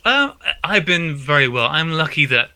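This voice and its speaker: Bright-voiced British man, laughing a lot. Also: on the high side, very animated, moderate pace, clear, resonant tone. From Britain. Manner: self-deprecating, laughs often. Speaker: podcast guest. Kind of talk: casual podcast chat. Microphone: home podcast mic, no video.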